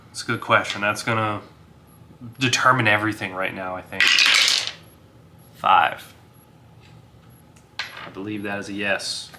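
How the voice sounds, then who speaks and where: A man's voice: lowish voice, steady tone, a little slow, long pauses, bright, forceful tone, slight background noise. A man casually narrating his solo tabletop role-playing game, thinking aloud with filler words and small chuckles.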